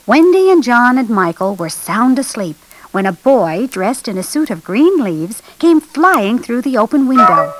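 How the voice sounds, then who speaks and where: A woman reading a children's storybook aloud in an expressive, animated way, lifting her voice for the children's lines. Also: mid-range voice, poor audio. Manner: lively expressive read-aloud, raising her voice for children's dialogue. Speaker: storybook narrator.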